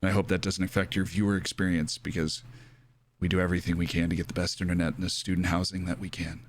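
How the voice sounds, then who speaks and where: A deep-voiced young man livestreams a game while giving excitable commentary. He jokes around and is quick to shout and cheer.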